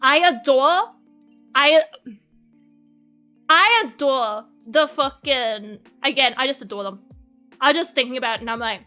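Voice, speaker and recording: A high-voiced woman rambles through a casual stream chat, crude and profane and quick to laugh. Her tone is bright and sharp. Soft music plays underneath. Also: expressive. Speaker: VTuber streamer.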